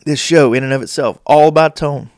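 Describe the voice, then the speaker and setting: Gravelly man talking with deliberate pauses. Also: a little high, a little mellow, no room sound. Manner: deliberate pauses, playful put-on voices. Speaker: host. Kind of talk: casual advice talk.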